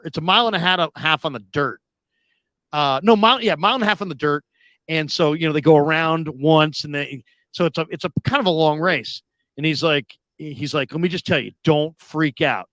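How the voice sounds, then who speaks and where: A radio host telling a long story in casual chat, acting out the people in it with loud, high outbursts. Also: male voice, dry recording. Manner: animated, acts out quoted people with sudden loud high outbursts.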